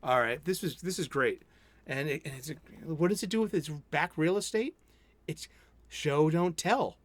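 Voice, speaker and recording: A man's voice: a little high, moderate pace, no echo. A man, hosting a casual solo comics review stream and rambling enthusiastically with many self-interruptions. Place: home studio.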